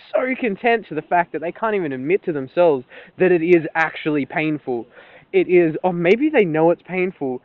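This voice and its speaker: A young man giving a casual solo monologue, rambling and animated, swearing freely and laughing often. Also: on the high side. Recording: tinny phone-like audio.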